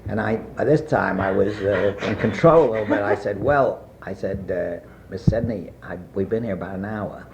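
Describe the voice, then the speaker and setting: An older man being interviewed, telling a long personal anecdote in a rambling way with many pauses and fillers. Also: on the low side, creaky, noisy background. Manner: rambling anecdotal, frequent "uh" and asides. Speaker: interviewee recalling his past. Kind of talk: oral history storytelling. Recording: muffled archival tape.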